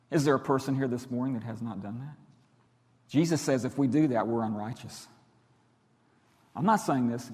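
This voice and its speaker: A middle-aged man preaching a sermon as pastor, emphatic, his voice rising loud and dropping quiet. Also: mid-range voice. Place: church sanctuary. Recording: long hall reverb.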